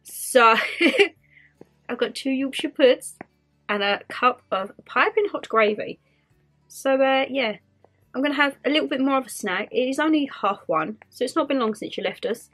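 A woman's voice: sits high, normal speed, a bit bright, soft background music. Chatty, giggly Northern English young woman. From Northern England. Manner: chatty, giggly, self-mocking. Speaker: vlogger. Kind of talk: casual vlog chat. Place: home.

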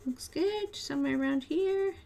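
A woman's voice: high voice, normal speed, vocal fry, warm tone. A woman chatting and giggling through a live coloring tutorial, talking to herself as she works. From Australia. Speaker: art tutorial host.

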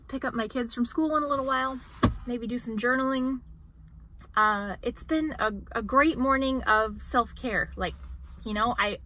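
Bright-voiced chatty woman vlogger. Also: mid-range voice, a little hiss or hum, rough recording. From United States. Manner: chatty and self-mocking, laughs often. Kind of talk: casual haul vlog chat.

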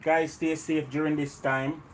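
A man's voice: on the high side, level tone, a little slow, slight background noise. Jamaican man chatting on a cooking livestream. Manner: banters with viewers, slips into patois. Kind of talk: casual livestream chat.

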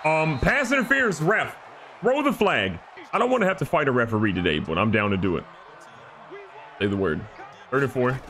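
A man giving excited, joking gameplay commentary as a gaming YouTuber. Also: medium pitch, fairly quick, pauses often, slight background noise. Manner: animated, joking, trash-talking.

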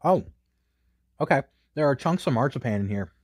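A man's voice: medium pitch, animated, normal speed, dry recording, clean studio sound. A man casually reviewing a snack, rambling with many fillers and a little out of breath. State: a bit out of breath.

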